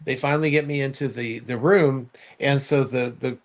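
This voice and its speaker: In a casual podcast chat, a man recounts a story at a moderate pace with fairly even intonation, full of fillers and false starts. Quoting others, he imitates them with high, shouted voices.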